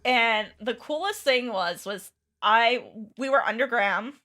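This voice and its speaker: A woman's voice: a little high, a little slow, sharp tone. A young woman chatting casually on a livestream, telling a rambling story with many restarts and bursts of laughter. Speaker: art streamer and teacher.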